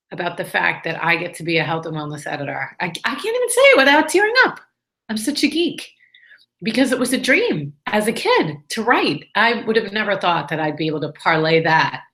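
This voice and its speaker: A woman's voice: fairly low pitch, pushed and bright. A woman and health and wellness editor, chatting to camera in a casual vlog, bubbly and gushing, with jokey asides to the viewer.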